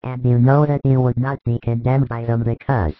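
A calm, patient spiritual master, played by a man gives measured instruction in a religious audio drama. His voice sits at an ordinary male pitch. The sound is thin, phone-like and dry. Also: no echo, soft background music, natural voice. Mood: calm teaching. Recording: tinny phone-like dry recording.

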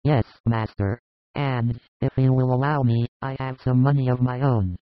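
A man playing a humble, sincere disciple who speaks quietly and earnestly. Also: medium pitch, fairly even intonation, normal speed, no echo, muffled recording, close to an everyday voice.

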